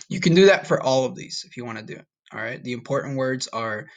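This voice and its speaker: A man's voice: mid-range voice, creaky, a bit bright. A man teaching a recorded online Spanish lesson in a casual way, often checking in with "okay?" and "all right?". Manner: slow, drawn-out modeling of Spanish words.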